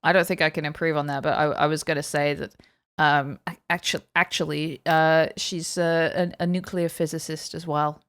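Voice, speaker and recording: Female co-host from England, low pitch, dry casual banter. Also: little pitch movement, moderate pace, fairly bright tone, clean tone. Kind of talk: comedy podcast banter.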